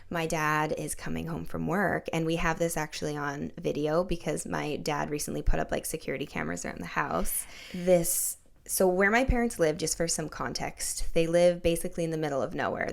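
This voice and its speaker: Low, gravelly young woman chatting. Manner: chatty storytelling with many likes and you-knows. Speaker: podcast host. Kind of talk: casual conversational interview.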